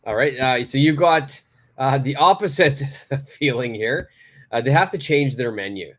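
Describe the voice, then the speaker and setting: A man's voice: medium pitch, unhurried, fairly bright tone. A man teaching a beginner English lesson, praising students and stressing key words as he explains. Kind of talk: live online English lesson.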